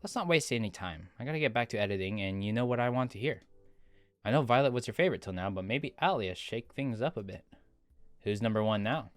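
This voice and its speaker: A man reading the part of a businesslike, scheming young woman producer, in his own low voice. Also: animated, no echo, lightly acted. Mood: brisk. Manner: brisk and to the point.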